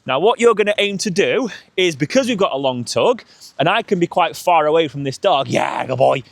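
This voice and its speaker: A high, animated male voice walks viewers through a tug game with his dog, breaking off for crisp cues. The sound is close and dry. His talk is energetic and instructive throughout. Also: brisk, no room sound. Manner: energetic, coaching, calls sharp cues to the dog. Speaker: dog trainer. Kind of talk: demonstrating and explaining a dog training game.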